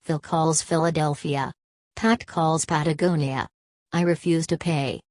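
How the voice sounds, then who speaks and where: A woman voicing a drunk, blustering middle-aged man in an audiobook, with a high hoarse voice and a fussy, drawling manner. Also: fairly even intonation, a little slow, a little mellow, dry recording, clean studio sound. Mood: mocking. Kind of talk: audiobook character voice.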